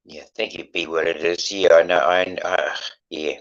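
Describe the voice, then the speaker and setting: A man in his sixties in casual conversation, emotional and halting, swearing often as he talks. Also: low-pitched, steady tone, fairly bright tone, dull audio. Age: 60s.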